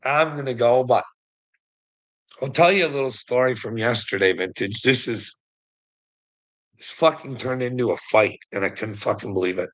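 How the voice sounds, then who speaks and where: A man's voice: mid-range voice, moderate pace, pauses often, a bit bright. A middle-aged man telling a heated, profane story in a casual vlog rant, laughing often between lines. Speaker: vlogger.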